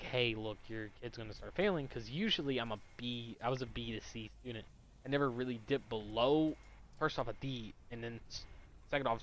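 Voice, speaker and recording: A man's voice: mid-range voice, a little hiss or hum. Profane rambling young man. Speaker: storyteller. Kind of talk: casual storytime monologue.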